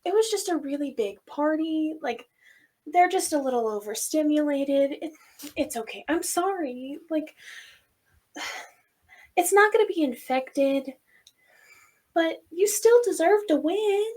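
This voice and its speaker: A woman voicing a kind young woman who rescued puppies, talking gently and reassuringly. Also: fairly high pitch, animated, slow. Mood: soothing.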